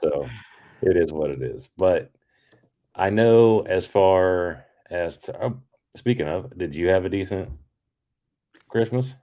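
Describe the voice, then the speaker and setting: A man with a remarkably deep, low voice co-hosts a podcast from a remote call. He talks in a relaxed, rambling way, often restarting his sentences. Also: slow pace, long pauses. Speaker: podcast co-host. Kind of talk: casual chat.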